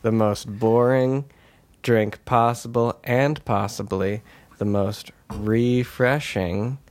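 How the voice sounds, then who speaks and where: A man hosting a casual podcast with friends, delivering dry deadpan jokes. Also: medium pitch, slow, dry recording. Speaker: podcast host. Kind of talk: casual chat over beers.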